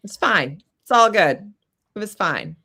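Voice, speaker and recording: A woman guest telling a story in casual chat, animated and acting out the voices of people in it. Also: mid-range voice, unhurried, vocal fry. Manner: animated, acts out quoted voices. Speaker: podcast guest.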